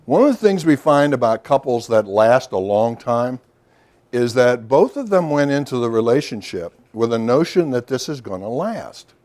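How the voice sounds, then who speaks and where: Man, middle-aged, workshop lecture, chatty storytelling, rhetorical questions, mid-pitched voice. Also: big pitch swings, normal speed, a little mellow. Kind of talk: recorded lecture to a professional audience.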